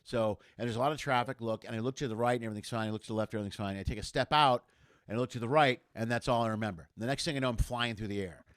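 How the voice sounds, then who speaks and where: A middle-aged man in casual chat, telling a story in an animated way and acting out the voices of the people in it. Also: medium pitch, rapid-fire, no room sound, studio quality. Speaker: comedian guest.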